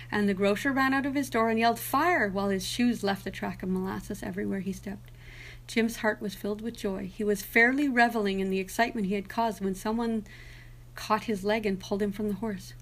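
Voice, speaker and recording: A woman, the podcast host, reading fairy tales aloud as lively storytelling narration. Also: mid-range voice.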